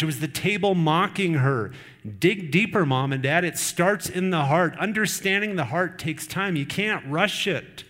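Middle-aged male pastor, earnest conversational sermon delivery, slightly higher voice. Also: fairly bright tone. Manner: earnest, conversational preaching with personal stories.

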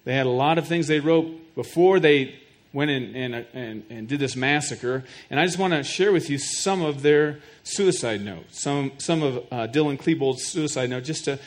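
A man's voice: medium pitch, normal speed, few pauses. A middle-aged man preaching a sermon to his congregation. He talks earnestly, often repeats a word as he builds a point, and puts questions straight to his listeners. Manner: speaks directly to the congregation with questions. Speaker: pastor.

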